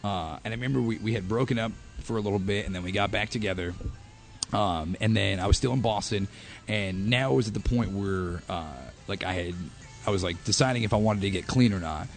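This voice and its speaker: A man's voice: on the low side, fairly quick, faint music behind. A man in his thirties, a podcast guest, telling a rowdy story in casual chat with lots of swearing and laughter. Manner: animated, profane, laughing storyteller.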